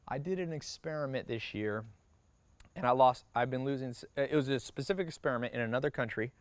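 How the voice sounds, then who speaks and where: A man's voice: fairly high pitch, no echo. Brash, profane motivational man. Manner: brash and profane, punchy short sentences; acts out quoted people in quick asides. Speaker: business mentor. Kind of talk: motivational workshop talk.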